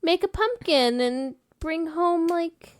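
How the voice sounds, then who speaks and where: A tired woman chatting as a podcast co-host in a high voice. She rambles and leans on lots of fillers. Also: takes it slowly. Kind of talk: casual chat.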